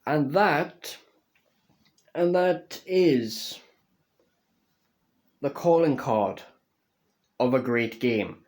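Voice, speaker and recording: A young man casually reviewing a video game, slow and halting, swearing constantly and restarting his words, earnest and emotional. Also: medium pitch, animated, a little mellow.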